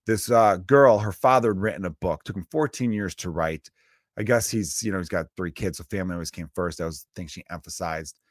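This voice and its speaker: A lower-voiced man rambles through a comic podcast monologue, swearing casually and jumping into loud, animated impressions. He sits close to the mic in a dry, dead room with no echo. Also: fairly quick. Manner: profane, rambling, acts out voices with sudden loud bursts. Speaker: comedian podcast host.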